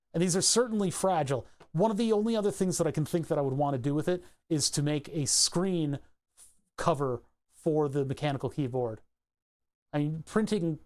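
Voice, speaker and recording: A man's voice: fairly high pitch, darkish tone. A man with a Philadelphia accent chatting casually on a livestream, rambling through tangents and laughing easily. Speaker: streamer.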